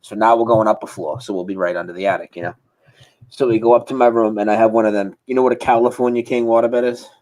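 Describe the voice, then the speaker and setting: A man as an interview guest, telling a story in a casual, animated way over a video call. He acts out sounds and swears freely. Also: lowish voice, fast talker, rough recording.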